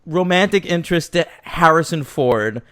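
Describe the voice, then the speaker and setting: A man co-hosting a film review podcast, animated and profane, acting out lines as he chats. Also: fairly high pitch, moderate pace, clean tone. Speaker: podcast co-host. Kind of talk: casual film review chat.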